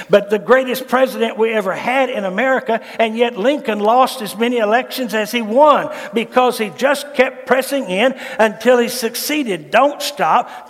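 A man's voice: high voice, long reverb tail. A man preaching a fervent, folksy, humorous sermon. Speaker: pastor.

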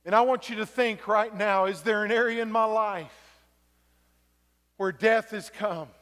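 A man preaching a sermon as pastor, moving from quiet reflection to shouted exhortation, in a church sanctuary. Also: sits high, unhurried. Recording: long reverb of a large hall.

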